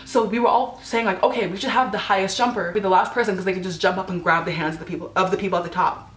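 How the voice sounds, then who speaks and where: Talking very fast with fairly even intonation in a mid-range voice, a teen girl vlogs about embarrassing moments in an echoey room. Her style is chatty and casual, full of "like," with quotes acted out.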